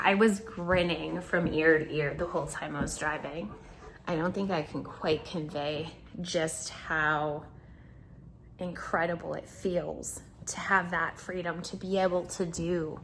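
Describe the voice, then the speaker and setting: A woman's voice: lowish voice, slight background noise. A woman talking casually in a video diary, chatty and rambling, often restarting her sentences and talking to her dog. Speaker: vlogger.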